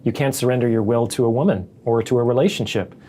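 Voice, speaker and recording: A man hosting a conversational podcast discussion, speaking in a measured, analytical way. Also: medium pitch, dark tone, a little hiss or hum.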